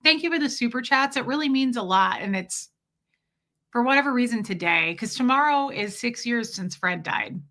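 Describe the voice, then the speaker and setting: A woman's voice: on the high side, expressive, normal speed, pushed and bright. A woman in her forties hosting a casual livestream, rambling and chatty as she thanks viewers by name. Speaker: livestream host reading chat.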